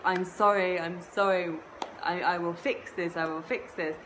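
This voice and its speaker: A woman voicing a mighty male god who is proud and quick to rage, booming when angry and solemn when blessing. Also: fairly even intonation, background noise, lightly acted. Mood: contrite.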